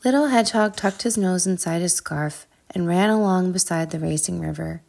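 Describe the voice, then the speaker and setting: A woman narrating a children's storybook in a calm, soothing way. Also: fairly low pitch, normal speed, gravelly.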